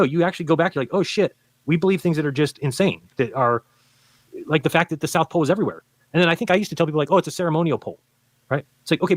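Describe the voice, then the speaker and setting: A man who used to be a flat earther arguing in a debate, explaining insistently and acting out what other people say. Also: fairly high pitch, no echo. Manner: rapid, insistent explaining with quoted voices. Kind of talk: debate argument played from a recorded stream.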